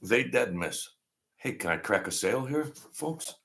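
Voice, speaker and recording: A man in his sixties hosts a livestream, chatting in a rambling, sentimental, jokey way. His mid-range voice is animated and a little slow, with some creak and a slight brightness.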